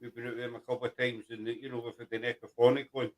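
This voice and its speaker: A man hosting a chat show, explaining things in a rambling, halting way. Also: mid-range voice, little pitch movement. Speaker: host. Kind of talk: casual chat.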